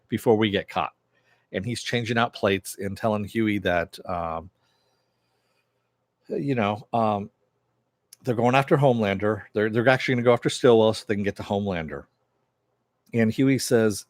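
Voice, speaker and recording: A man's voice: fairly low pitch, dry recording. A man casually recapping a TV episode, retelling scenes loosely with lots of fillers and quoted lines. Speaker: TV show reviewer.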